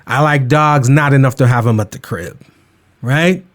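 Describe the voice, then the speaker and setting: A man's voice: medium pitch, moderate pace. A man hosting a podcast, ranting in a casual, emphatic and comedic way. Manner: animated, emphatic, keeps it real. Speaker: podcast host. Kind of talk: comedic rant, casual talk.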